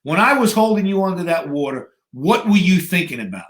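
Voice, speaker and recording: A stern older trainer lays down a hard lesson, slowly and firmly, as a man in his fifties quotes him. The voice sits a little high for a man. The room gives it an echo. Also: sing-song. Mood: solemn. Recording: echoey room.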